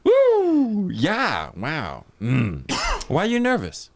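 A man's voice: medium pitch, huge pitch swings, slow pace, gravelly, fairly bright tone, no echo. A man with a German accent hosting a live podcast, reading sponsor spots and chatting with a guest in an upbeat, hyping way. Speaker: podcast host. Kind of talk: live podcast chat and read ads.

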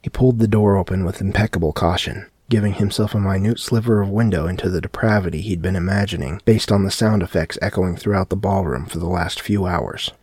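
A man narrating a dark horror story in a steady audiobook reading. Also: low-pitched, a little fast, few pauses, husky, no room sound, studio quality.

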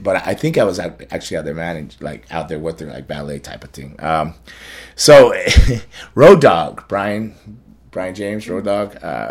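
A man hosting a podcast, telling stories in a rambling, casual way with many restarts and laughs. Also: low-pitched. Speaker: podcast host. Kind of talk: casual storytelling chat.

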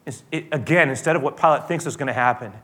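A male pastor preaching a sermon in an animated, storytelling way with frequent restarts. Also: mid-range voice, quick pace.

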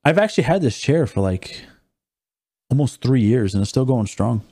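A man's voice: medium pitch, expressive, moderate pace, warm tone, slightly rough. A young man co-hosting a podcast in casual chat, laid-back and defensive in banter. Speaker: podcast co-host.

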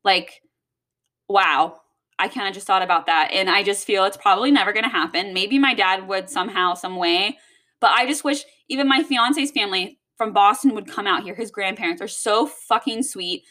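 A woman's voice: medium pitch, moderate pace, pushed and bright. A young woman from Texas, talking casually in a rambling, swear-heavy venting monologue.

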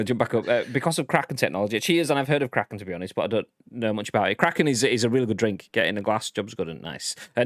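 A young man with a low voice that swings widely in pitch, chatting playfully on a live stream. The sound is dry and close, with no room echo. He rambles and jokes as he reads out the chat. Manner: rambling, animated, playful banter. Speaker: stream co-host reading chat.

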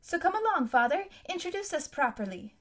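A woman's voice: sits high, sing-song, brisk, pitched above the performer's own voice. Teenage girl, cheerful, breezy, friendly, voiced by a woman narrator, audiobook. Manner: bright, breezy, laughing.

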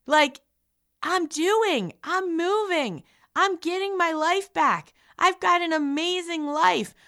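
A woman's voice: extremely high pitch, slow, fairly bright tone. A middle-aged woman hosting a radio show, delivering an upbeat, emphatic motivational talk.

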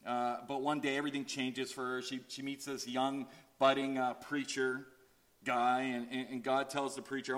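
A man preaching a sermon, telling a story and acting out the characters' lines. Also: moderate pace. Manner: storytelling with acted-out voices, animated swings in pitch. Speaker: pastor.

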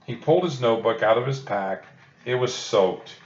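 A man reading a children's book aloud in a calm, steady storytelling delivery. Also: mid-range voice, moderate pace. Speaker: storybook reader. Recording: roomy dull lo-fi recording.

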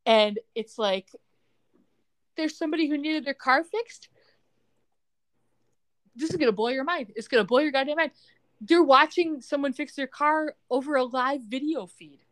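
A woman co-hosting a podcast in casual chat, recapping a TV episode in an excitable, sarcastic way and swearing freely. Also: high-pitched, normal speed, pauses often. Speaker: podcast co-host.

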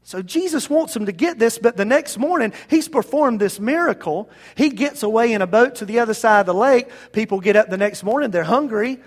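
A man's voice: high voice, expressive, fairly quick, hardly any pauses. A man preaching a sermon as pastor, talking to the congregation in a conversational, emphatic way and appealing to them directly.

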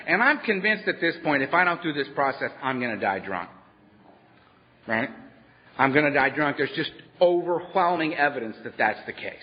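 A man sharing his own story at a workshop, animated and wry, often laughing as he talks. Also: fairly high pitch. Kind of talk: personal storytelling talk to a live audience. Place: meeting hall at a workshop. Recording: dull lo-fi with long hall echo.

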